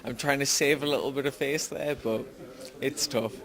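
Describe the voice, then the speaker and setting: A young man with a Geordie accent from Newcastle, speaking slowly and carefully in an interview. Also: medium pitch, steady tone, creaky, a bit bright. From Newcastle, England. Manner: slow, careful speech, tries to sound articulate. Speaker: fighter. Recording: crowd noise behind.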